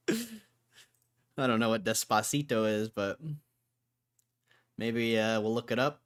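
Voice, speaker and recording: Man, casual streamer, smooth clear voice, laughs a lot, says bro. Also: lowish voice, takes it slowly, pauses often. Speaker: livestream host. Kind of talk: casual livestream, reading comments aloud.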